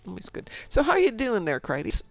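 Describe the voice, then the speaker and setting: A woman's voice: a little high, huge pitch swings, normal speed, creaky, no room sound, soft background music. A middle-aged woman streaming a game, chatting casually and talking to herself as she plays. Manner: chatty, rambling, self-talk while playing. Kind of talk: casual chat while gaming.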